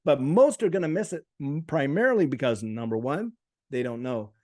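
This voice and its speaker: A man's voice: mid-range voice, lively intonation, normal speed, darkish tone. A man guest in a casual chat, talking with emphatic enthusiasm. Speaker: guest commentator.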